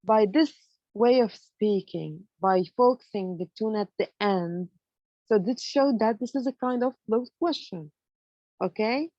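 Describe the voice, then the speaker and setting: Her mid-range voice moves at a measured pace as this English grammar lecturer lays out each step for students. She uses "you know" as filler and checks in with "okay?" along the way. No echo, but the audio is lo-fi.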